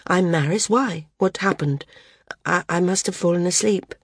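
A woman's voice: on the low side, normal speed, husky, dry recording, studio quality. A woman voicing a young woman flyer, proud and half awake, who stammers and turns cool in an audiobook. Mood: groggy.

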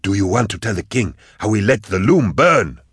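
A hard-edged ringleader barks short orders in a deep, low voice, as a man reads him. The sound is close and dry, like an audiobook. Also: very animated, moderate pace, slightly rough, dry recording. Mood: grim. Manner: curt, forceful orders. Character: hard, commanding male schemer.

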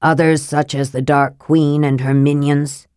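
A woman's voice: low-pitched, level tone, a little slow, a little mellow, smooth, dry recording, clean studio sound. A woman reading an audiobook aloud and voicing a frail young male mage who speaks in a cold, clipped, precise way. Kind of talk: audiobook dialogue.

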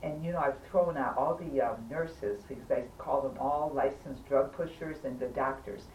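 A low-voiced woman tells her story as a patient in an easygoing way, pressing each point hard and urging her listener on. She sits some distance from the mic in an echoey room with faint noise behind. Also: moderate pace, a little mellow. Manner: emphatic and insistent, keeps urging the listener to listen. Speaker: patient recounting a hospital stay. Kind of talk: casual storytelling in an interview.

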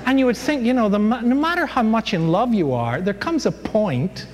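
Animated male Bible teacher in a hall. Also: sits high, moderate pace. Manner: animated storyteller, jokes, many fillers. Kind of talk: casual Bible class lecture. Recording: hall reverb, faint background noise.

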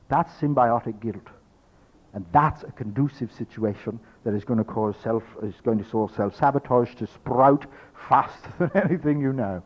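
A man's voice: mid-range voice, moderate pace, lo-fi sound. A man teaching a spiritual workshop, speaking as "we", emphatic and repetitive, acting out his listeners' thoughts. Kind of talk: workshop lecture to an audience.

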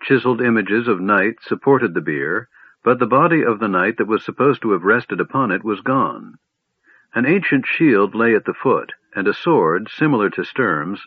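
A man reading fantasy narration aloud in a measured, even storytelling voice. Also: fairly low pitch, husky, dry recording. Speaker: audiobook narrator. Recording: dry tinny phone-like audio.

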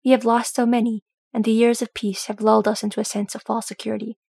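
A woman reading a fantasy story aloud in a calm, measured narrating voice. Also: on the high side, vocal fry, breathy edge, dry recording. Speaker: audiobook reader.

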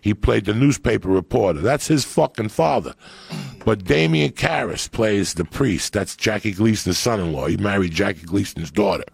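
A man with a deep gravelly rasp tells a story full of swearing, slipping into the voices of movie characters. His voice sits low with a husky edge. The sound is dry and close. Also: normal speed, no room sound. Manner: animated, swearing, acts out movie quotes. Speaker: podcast guest. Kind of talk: profane storytelling.

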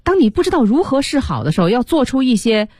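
A woman's voice: fairly high pitch, very animated, fast talker, a little mellow, husky, dry recording, studio quality. A woman hosting a bilingual radio English lesson, explaining with animation and mixing English words into her talk. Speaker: radio English teacher, host. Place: radio studio.

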